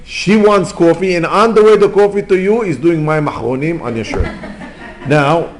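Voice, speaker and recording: A rabbi giving an informal Torah lesson in English, mixing in terms and telling stories, jumping between loud exclamations and quiet asides. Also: male voice, fairly high pitch, moderate pace. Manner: non-native English with Hebrew terms. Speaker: rabbi teaching.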